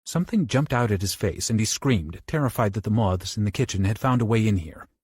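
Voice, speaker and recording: A man narrating a horror audiobook with a low, slightly husky voice. His delivery swings widely in pitch as the tension builds, recorded dry and close. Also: brisk, no room sound. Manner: dramatic, with lively shifts into character voices.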